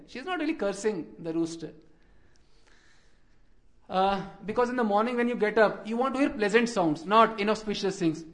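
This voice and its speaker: High-pitched guy telling a devotional story, animated, does little voices for the birds and characters. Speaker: religious speaker.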